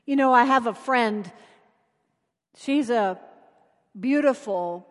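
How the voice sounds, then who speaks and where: A woman preacher tells stories in a sermon, earnest and often dropping soft for emphasis. Her voice sits high. A long reverb fills the church around her. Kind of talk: sermon with storytelling.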